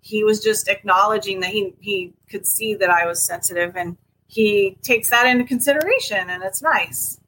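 Bright-voiced woman telling a personal story. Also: mid-range voice, normal speed, a little hiss or hum, poor audio. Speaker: podcast co-host. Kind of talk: casual podcast conversation.

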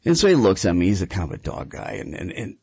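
A man hosting a radio call-in show about dog training, telling stories in an animated, chatty way. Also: low-pitched, fast, breathy edge, no echo.

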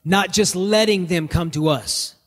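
A man's voice: high voice, a little slow, long reverb tail. A man preaching in a casual, joking style on a podcast, telling stories to make his point. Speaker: pastor. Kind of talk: conversational sermon podcast.

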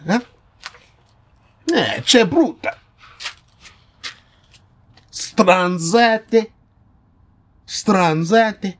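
A man voicing a hammy, menacing Italian mafia boss in a mock Italian accent, with slow, drawn-out, theatrical delivery. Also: mid-range voice, a little mellow, husky, voice pushed down. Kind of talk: amateur dramatic reading.

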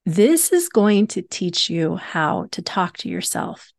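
Speaking slowly yet with great animation, a hypnosis coach runs her solo self-help podcast in a fairly low, gravelly voice. She teaches earnestly and keeps repeating the main points for emphasis. The recording is dry and studio quality.

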